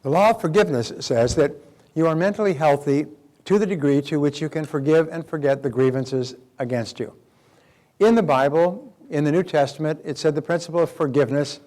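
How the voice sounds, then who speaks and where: An older man giving a motivational seminar talk, animated, acting out quoted speakers as he tells stories. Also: a little high, fairly quick.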